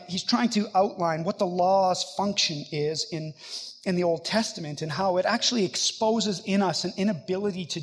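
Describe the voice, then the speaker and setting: High-voiced earnest male preacher. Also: slightly rough. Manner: earnest, conversational preaching with dramatic readings. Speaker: pastor. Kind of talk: sermon.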